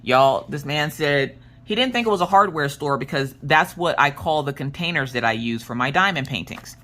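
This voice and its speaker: A woman in her thirties, a crafting vlogger, telling stories in a chatty, animated way with joking asides. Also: low-pitched, moderate pace. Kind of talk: casual storytelling chat.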